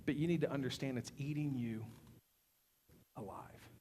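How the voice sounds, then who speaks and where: A middle-aged man preaching a sermon as pastor. He talks conversationally, with fillers and repeated words, and swings between loud, fervent bursts and quiet, intimate stretches. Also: mid-range voice, normal speed, slight background noise.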